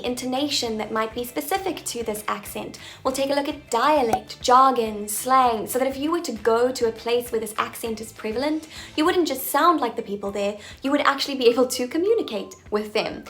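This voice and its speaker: A woman's voice: a little high, fairly bright tone. A woman accent coach making an upbeat announcement to her viewers, with playful, jokey asides.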